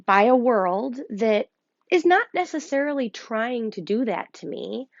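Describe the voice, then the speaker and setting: A woman with a Rochester, New York accent, gently guiding a breathing lesson as a yoga teacher. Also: medium pitch, no room sound, highs cut off. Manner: slow, gentle, soothing guidance with fillers.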